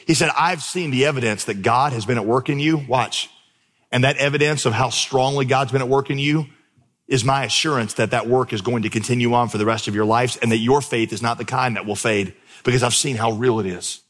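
A man's voice: medium pitch, a bit bright. A man preaching a sermon to a congregation from a church stage, telling stories with humorous asides and repeating key words for emphasis. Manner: storytelling with vivid, humorous asides; emphatic repetition. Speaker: pastor. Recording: long reverb in a big hall.

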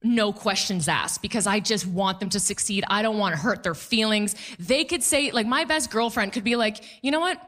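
A woman's voice: mid-range voice, normal speed, hardly any pauses, a bit bright. A woman performing a stand-up comedy set, chatty and sarcastic, often laughing at her own jokes. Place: comedy club stage before a live audience.

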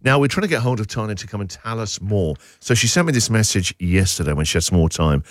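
Male radio host, animated and playful, low voice with a dry studio close-mic. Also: fast talker, no echo. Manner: animated, self-mocking, mock-dramatic. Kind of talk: casual radio chat, reading listener texts. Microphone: studio microphone.

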